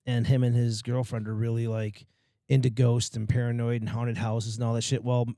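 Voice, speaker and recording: A man telling a story in a casual podcast chat, rambling and swearing. He jumps into loud acted-out quotes of the people in the story. His voice is mid-pitched and recorded dry and close. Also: flat delivery, moderate pace, no echo. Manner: profane, rambling, acts out quotes loudly. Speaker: podcast host.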